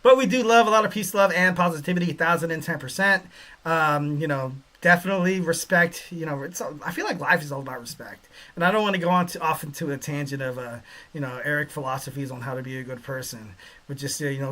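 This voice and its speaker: A man with a high, bright voice hosts a casual wrestling podcast. He rambles through opinions, circling back with fillers and light jokes as he goes. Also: fairly quick. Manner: rambling, lots of "you know" fillers, joking asides. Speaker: podcast host.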